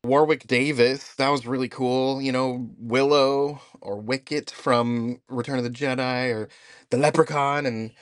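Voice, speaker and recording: A man hosts a casual podcast, recounting his weekend with eager enthusiasm and frequent laughter. His voice sits at a middle pitch. The recording is dry and close, with no room sound. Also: steady tone, unhurried, no echo. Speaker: podcast host.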